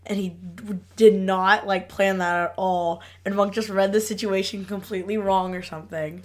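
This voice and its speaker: A woman's voice: mid-range voice, steady tone, normal speed. A young woman co-hosting a podcast, playful and giggly in loose casual chat. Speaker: podcast co-host.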